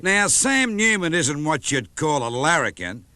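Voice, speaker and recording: A man's voice: on the high side, sing-song, a little slow, sharp tone, no echo. A man with an Australian accent narrating a sports documentary in a cheeky, playful tone.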